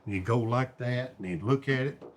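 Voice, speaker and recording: An older man, hosting and telling animated stories about his paintings and friends. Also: mid-range voice, brisk. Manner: animated storyteller, quotes friends in their voices. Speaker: host, singer and painter. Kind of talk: storytelling conversation.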